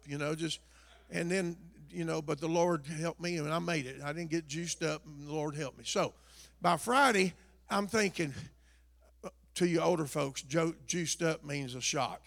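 Folksy older preacher, high gravelly voice. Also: male voice, normal speed, long reverb tail. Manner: folksy storytelling, swings from hushed to shouting. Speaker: pastor. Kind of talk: sermon. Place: church.

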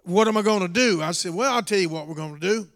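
A middle-aged man preaching a storytelling sermon in a church, dropping to a quiet telling voice and rising to shouts. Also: high-pitched, fast. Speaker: pastor. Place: church hall. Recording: long hall reverb.

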